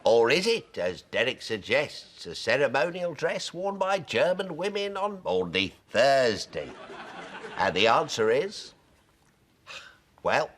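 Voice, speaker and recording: Quiz show host, lively pitch, showy, faint background noise. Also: male voice. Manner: brisk, showy. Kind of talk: spoof quiz hosting.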